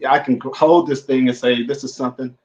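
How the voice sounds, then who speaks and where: A man's voice: mid-range voice, fairly even intonation, a little fast, darkish tone, dull audio. A man hosting a casual chat, telling earnest motivational stories. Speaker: podcast host.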